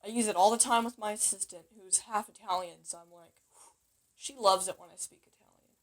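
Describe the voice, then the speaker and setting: A woman's voice: mid-range voice, fairly quick. Woman, casual self-taught teacher, chatty and playful, trips over herself and corrects on the fly. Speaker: language teacher. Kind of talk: casual home-made lesson.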